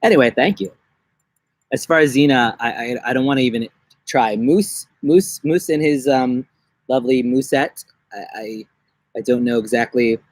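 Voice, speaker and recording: A man's voice: moderate pace, no room sound. Jokey young man live-streaming outdoors. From New York. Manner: jokey, rambling, slips into silly high-pitched voices. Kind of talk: casual live-stream chat. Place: outdoors in a backyard.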